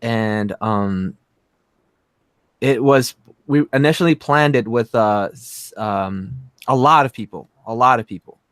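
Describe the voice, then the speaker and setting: A man co-hosting a casual livestream, telling stories in an excitable, rambling way with many fillers. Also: mid-range voice, unhurried, clean tone, dry recording, studio quality. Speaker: streamer and co-host.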